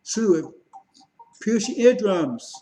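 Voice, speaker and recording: A man's voice: sits high, very animated, slow, mellow, rough recording. A man giving a mocking, emphatic religious critique monologue. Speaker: religious commentator.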